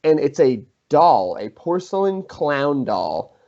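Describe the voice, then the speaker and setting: A young man casually telling a prank story to friends on a podcast, animated, swearing and acting out what people said. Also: fairly high pitch, slow, creaky. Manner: animated, swearing, acts out quotes. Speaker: podcast host. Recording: slightly dull lo-fi sound.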